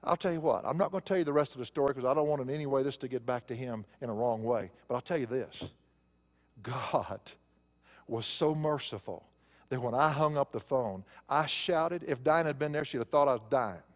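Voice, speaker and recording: A man's voice: mid-range voice, brisk. Preaching man in a reverberant hall. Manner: conversational storytelling, rising to emphatic preaching. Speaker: pastor. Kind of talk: sermon.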